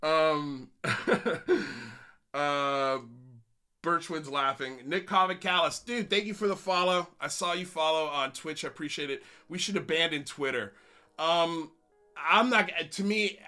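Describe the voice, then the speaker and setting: A man's voice: on the high side, lively intonation, a little slow, sharp tone. A man hosting a livestream, ranting bluntly and sarcastically, then reading viewer comments with frequent laughs. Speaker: livestream host.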